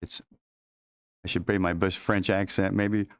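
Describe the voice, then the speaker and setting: A man presenting agenda items at a school board meeting in an informal, halting way with many fillers and restarts. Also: low-pitched, little pitch movement, clear, resonant tone, no echo, clean studio sound.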